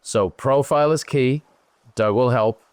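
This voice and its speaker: A middle-aged Irish man hosting a show, coaching a guest in an animated, emphatic way. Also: medium pitch, a little slow, clean tone, no echo. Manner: animated, emphatic, slips into playful voices for others. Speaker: host and business coach. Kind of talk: live coaching Q&A.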